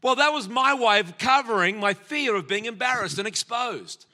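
An Australian man in his sixties delivers a sermon, weaving personal stories and jokes aimed at the people in front of him. His voice sits high for a man. It has a sharp, very bright edge. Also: animated, moderate pace. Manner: storytelling with humor, addressing the congregation.

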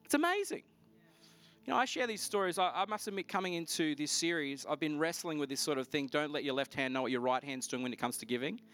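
A man preaching a sermon, telling a personal story in a lively, storytelling way, his voice rising sharply at the exciting moments. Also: a little high, fast talker, few pauses, faint music behind. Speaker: pastor.

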